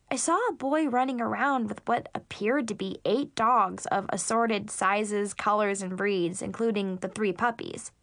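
A woman narrating a first-person teen story in a lively, expressive way. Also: on the high side, no echo, studio quality. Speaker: audiobook narrator.

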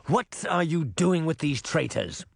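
A man's voice: fairly high pitch, expressive, unhurried, vocal fry, no echo, clean studio sound, pitched above the performer's own voice, exaggerated voice. Man doing a furious bellowing sheriff. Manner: bellowing, accusing. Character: angry sheriff, hostile, suspicious man.

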